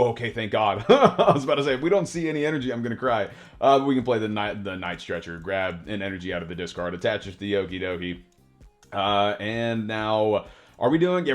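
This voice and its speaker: Excitable laid-back guy calling card plays. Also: on the low side. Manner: excitable, laid-back, says dude and bro; laughs often between plays. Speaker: card game content creator. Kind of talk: casual gameplay commentary.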